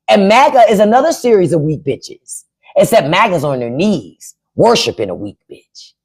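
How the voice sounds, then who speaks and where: A woman's voice: lowish voice, very animated, moderate pace, breathy edge. A woman hosting a livestream, ranting with sarcastic, profane commentary. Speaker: livestream host. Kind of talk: casual livestream rant.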